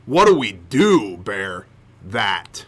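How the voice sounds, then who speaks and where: Podcast guy preaching his point, bright ringing voice, lots of "you gotta go do" style repetition. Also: fairly low pitch, big pitch swings, drawn-out words. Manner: preachy, rhetorical questions, emphatic repetition. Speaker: podcast host. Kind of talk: impassioned faith-based commentary.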